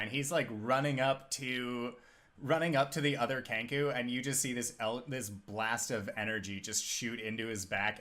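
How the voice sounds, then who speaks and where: A man narrating as game master of a tabletop role-playing game. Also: medium pitch. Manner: animated, quick narration with playful put-on voices.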